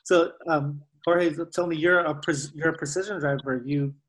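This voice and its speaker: A man's voice: on the high side, fairly even intonation, normal speed, fairly bright tone, rough recording. A man interviewing a guest in a casual, friendly and encouraging way, asking short questions.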